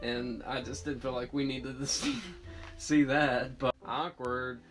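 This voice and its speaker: A man's voice: mid-range voice, fairly even intonation, unhurried. A man recapping a TV episode in a casual, rambling way, full of fillers and self-corrections. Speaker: TV show reviewer. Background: guitar music.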